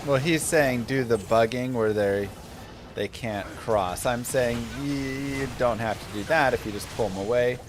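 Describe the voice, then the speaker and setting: A man's voice: mid-range voice, a little slow, background noise. A man casually chatting to his viewers while streaming a game, rambling and answering questions as he plays. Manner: rambling, chatty, talks to chat. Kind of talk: casual live-stream commentary.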